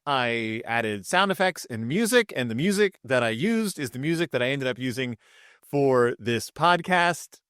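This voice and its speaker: Animated man retelling cartoon plots. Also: mid-range voice, smooth, no echo, clean studio sound. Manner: chatty and animated, retells scenes with quick character voices. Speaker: podcast host reviewing cartoon episodes. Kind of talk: casual solo commentary. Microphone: microphone with camera.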